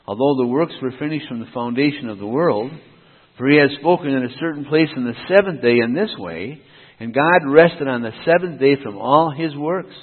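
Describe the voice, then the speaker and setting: A pastor preaches in a rhythmic, emphatic cadence, setting one idea against another and asking and answering his own questions. His medium-pitched, slightly rough voice moves at normal speed but comes through thin and phone-like, with long church-hall reverb trailing each phrase.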